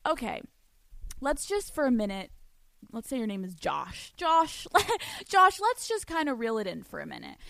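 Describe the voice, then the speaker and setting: A young adult woman with a fairly high, gravelly voice speaks at a moderate pace, hosting a podcast where she reads listener letters, tells animated stories and gives blunt advice laced with profanity. It's recorded dry, with clean studio sound.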